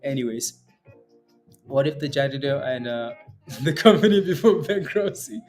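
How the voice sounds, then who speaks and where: A man's voice: medium pitch, expressive, moderate pace, a little mellow, soft background music. A man hosting a live day-trading stream, chatting and joking over stock charts and tagging "right?" onto many lines. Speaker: day trading livestream host.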